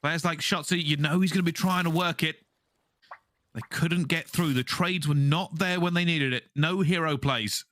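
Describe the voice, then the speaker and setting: A man doing animated color commentary on an esports match, laughing and drawing words out for emphasis. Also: on the high side, normal speed. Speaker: esports analyst caster. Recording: clear game gunfire behind.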